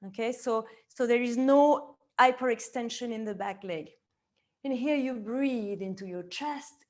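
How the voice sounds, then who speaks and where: A woman teaching a yoga class, calmly cueing each movement to the breath and gently offering options. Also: high-pitched. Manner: calm step-by-step cueing tied to the breath. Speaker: yoga teacher and somatic therapist. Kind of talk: guided yoga class instruction.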